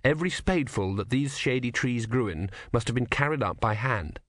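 Male audiobook narrator, lively pitch, dry close sound, expressive. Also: brisk, dry recording. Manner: expressive storytelling. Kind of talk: scripted narration.

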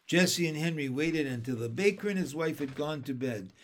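A man reading a children's chapter book aloud in a gentle storytelling manner. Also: fairly high pitch, expressive, fairly quick. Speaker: narrator. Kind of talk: audiobook narration of a children's book.

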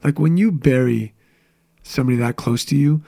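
Gravelly man telling a candid story. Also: medium pitch, warm tone. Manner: candid, storytelling, quick asides. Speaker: guest, business coach. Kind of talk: casual interview chat.

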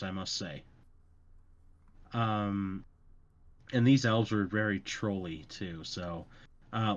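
A man with a fairly low voice talks in a loose, rambling way, full of fillers and self-mocking asides. The recording sounds a little dull and lo-fi. He sounds like a young adult chatting on a podcast. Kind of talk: casual chat.

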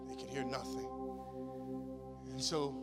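A man's voice: medium pitch, fairly even intonation, unhurried. A man preaching a sermon as pastor, with rhythmic, repetitive phrasing that builds in emphasis. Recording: long hall reverb with music behind.

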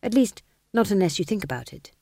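A woman voicing a shy, anxious young witch who talks high and fretfully. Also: very animated, brisk, mellow, dry recording, clean studio sound.

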